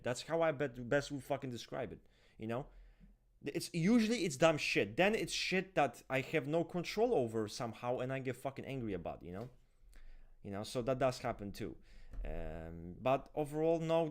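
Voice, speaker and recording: Male host, mid-range voice, casual and profane, ranting rhythm, animated delivery. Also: mid-range voice. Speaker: typology show host. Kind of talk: casual unscripted chat with viewers.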